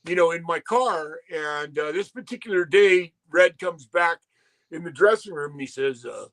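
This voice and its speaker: A man's voice: on the high side, expressive, moderate pace, fairly bright tone. A man in his sixties, a former wrestler, telling rambling, salty stories as a guest and acting out other people's quotes. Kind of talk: casual storytelling.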